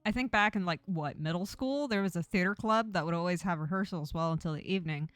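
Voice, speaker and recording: Laid-back nerdy young guy with a lisp, hesitant and casual, read by a woman; bright, clean voice. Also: fairly low pitch, fast talker, dry recording, soft background music, close to an everyday voice. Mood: musing. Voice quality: lisp from a sore tongue.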